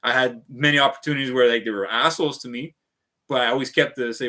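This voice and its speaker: A man's voice: medium pitch, fairly even intonation, quick pace, pushed and bright. A man rambling through a casual livestream, swearing often and piling up fillers as he talks. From Canada. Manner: profane, restless, full of fillers.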